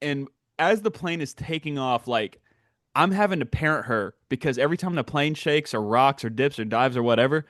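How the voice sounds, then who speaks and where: A male podcast host with a mid-range voice tells stories at a normal pace in casual conversation, animatedly acting out the people he quotes. The recording is dry, with clean studio sound.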